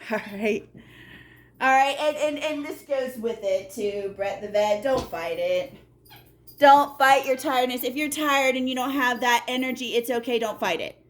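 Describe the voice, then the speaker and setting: A woman with a slightly high voice gives a casual spoken tarot reading. She is emphatic and a little salty, addressing the viewer directly and checking in with them often. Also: normal speed. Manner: animated, emphatic, repeats "okay?" to the viewer; blunt and salty, talks straight to the viewer. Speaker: tarot reader.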